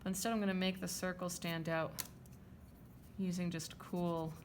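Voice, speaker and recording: A woman's voice: on the low side, little pitch movement, moderate pace, slight background noise. A woman art teacher talking through a drawing demonstration, chatty and checking in with her students as she draws. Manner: chatty, checks in with "okay?" and "right?".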